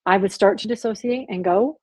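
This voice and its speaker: A woman's voice: medium pitch, a little fast, warm tone, breathy edge, no echo. A woman guest on a faith podcast, telling her story earnestly and animatedly, with lots of "like" in her speech. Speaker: podcast guest, abuse survivor. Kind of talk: candid faith podcast conversation.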